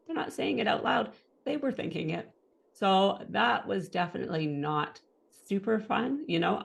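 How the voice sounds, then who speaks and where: A woman in her thirties tells her own story to an interviewer, acting out the lines of the people around her. Her voice sits low and carries heavy vocal fry. She talks in a casual, personal way. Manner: animated storytelling, acting out what others said and thought. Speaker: interview guest.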